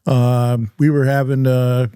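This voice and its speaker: A middle-aged man talks as an interview guest, his voice mellow and low in brightness. He tells stories in a halting way and often stumbles back over his words. The sound is close and dry, with no room around it. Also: flat delivery, smooth, no echo. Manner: halting, repeats and restarts words. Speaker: guest, real estate investor. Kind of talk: conversational storytelling.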